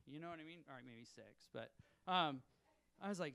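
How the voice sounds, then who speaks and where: Young dude doing standup, kinda nervous, laughs at his own jokes, pitch a bit high. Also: animated, moderate pace, creaky, bright, forceful tone. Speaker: stand-up comedian. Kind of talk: stand-up set. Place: comedy club stage.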